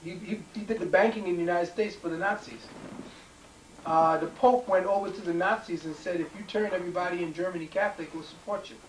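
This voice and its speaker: A man's voice: high-pitched, fairly even intonation, fast. A man giving a rambling conspiracy talk, emphatic, with frequent ums and repeated words. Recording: echoey room, mic far off, faint noise.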